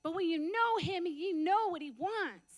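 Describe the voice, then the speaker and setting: A woman preaching a testimony, telling it as an animated story, laughing often and acting out the dialogue. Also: very high voice, measured pace. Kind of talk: sermon testimony.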